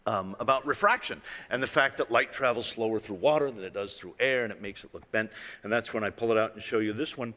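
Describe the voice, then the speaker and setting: Male illusionist presenter, bright tone, chatty and playful with a live crowd, big reverberant hall. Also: mid-range voice, fast talker. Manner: conversational, playful, asks the audience questions. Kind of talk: live stage talk with demonstrations. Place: large hall with live audience.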